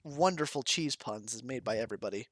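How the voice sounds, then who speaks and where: A young man narrating as game master of a tabletop role-playing game, relaxed and rambling. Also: mid-range voice, fast talker, no room sound.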